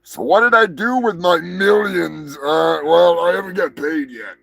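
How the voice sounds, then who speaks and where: A man hosting a live show, ranting crudely and swearing constantly, with bursts of shouting. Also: a little high, a little slow, vocal fry, hardly any pauses. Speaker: show host. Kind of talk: profane live-stream rant.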